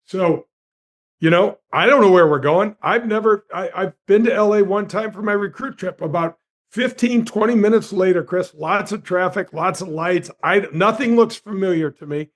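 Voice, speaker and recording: High-voiced man in his sixties telling stories. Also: normal speed. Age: 60s. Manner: lively storyteller with big pitch swings; addresses the host by name often. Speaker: guest, former tour golf pro. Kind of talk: animated anecdote telling.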